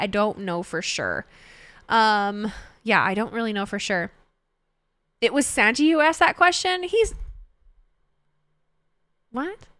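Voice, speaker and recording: A young woman chats live with her audience from a home desk microphone, her voice bright and ringing. Her pitch swoops up and down as she laughs, swears and reacts to what viewers type. The sound is close and dry, with no room echo. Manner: excitable, laughing, swears freely, reads chat aloud. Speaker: livestreamer reacting to wrestling. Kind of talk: casual live-stream chat.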